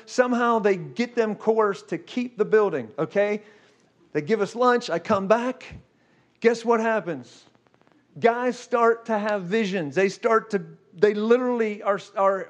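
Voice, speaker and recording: Animated high-voiced preacher telling a story. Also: male voice, muffled recording. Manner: animated, fast storytelling with repeated "okay?" and "guess what". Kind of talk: sermon storytelling.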